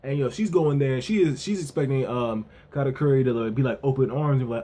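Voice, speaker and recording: A man's voice: mid-range voice, a little fast, slightly rough. A man giving a casual, loose spoken recap as a reviewer, leaning on fillers and repeating himself, sometimes raising his voice to act out characters' lines. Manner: relaxed, repetitive, with frequent verbal fillers; acts out characters' lines in a lightly raised voice. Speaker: anime and manga reviewer.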